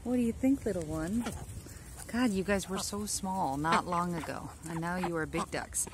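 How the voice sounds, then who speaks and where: A woman's voice: on the low side, moderate pace. Lady cooing at her ducks in the backyard, phone cam, bit of noise and quacks behind. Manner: cooing baby talk to ducks. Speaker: backyard duck keeper. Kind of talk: casual vlog talking to pets. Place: outdoors in a backyard. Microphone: handheld phone camera.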